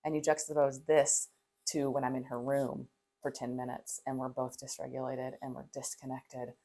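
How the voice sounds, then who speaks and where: Low-voiced woman counselor telling parenting stories. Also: moderate pace. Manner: animated storytelling, acts out soft calm parent voice, laughs often. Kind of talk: podcast conversation.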